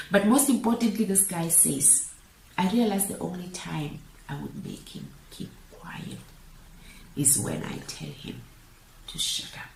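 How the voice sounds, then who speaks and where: Slow, gravelly-voiced woman in an echoey room. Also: lowish voice. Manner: slow and deliberate, pausing often. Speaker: motivational speaker. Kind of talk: reflective monologue reading letters aloud. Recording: echoey room with faint background noise.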